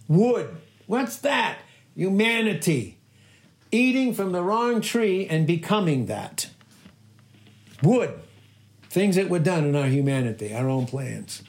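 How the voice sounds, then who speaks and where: A pastor preaches emphatically, repeating and stressing key phrases and firing rhetorical questions at his listeners. His voice is on the high side, creaky and darkish.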